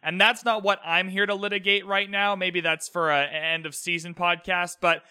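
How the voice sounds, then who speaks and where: A young man hosting a solo recap podcast, talking alone in a room, animated and earnest as he retells scenes. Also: high voice, normal speed, clear, resonant tone, dry recording, clean studio sound. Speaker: podcast host.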